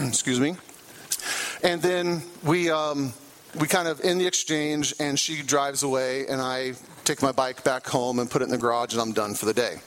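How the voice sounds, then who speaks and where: A man's voice: medium pitch, steady tone, normal speed, fairly bright tone, rough recording. A middle-aged man, a trauma therapist and guest speaker, telling a personal story to a church crowd in a loose, conversational way with fillers and self-corrections. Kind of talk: storytelling talk from a church platform.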